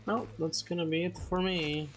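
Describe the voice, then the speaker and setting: A man in casual gaming chat with a co-player, relaxed and chatty, swearing now and then. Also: fairly high pitch, moderate pace, slight background noise.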